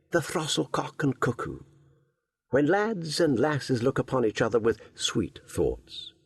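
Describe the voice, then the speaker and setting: A man narrating a classic adventure audiobook in a measured, lilting storytelling manner. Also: lowish voice, breathy edge. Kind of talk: scripted narration.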